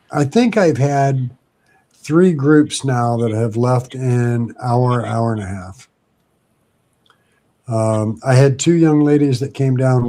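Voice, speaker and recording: A man tells a story in a relaxed, easygoing way and slips into the people's voices when he quotes them. His voice is mellow and dark. It sounds like casual podcast talk. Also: medium pitch. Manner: animated anecdote telling with acted quotes.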